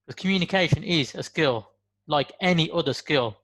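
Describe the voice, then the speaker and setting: Earnest Brummie man, higher voice. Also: lively intonation, normal speed, fairly bright tone. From West Midlands, England. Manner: earnest, emphatic, rhetorical questions. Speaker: motivational speaker. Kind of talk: motivational monologue.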